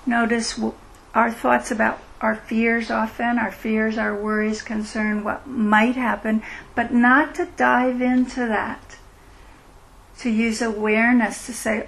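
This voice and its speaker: A middle-aged woman gives a meditation talk at a retreat, slow and gentle. Her voice sits a little high and has a gravelly edge. A faint hiss sits under the recording. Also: level tone, rough recording. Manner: gentle, unhurried, reflective. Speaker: meditation teacher. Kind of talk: dharma talk with Q&A. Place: retreat meeting room.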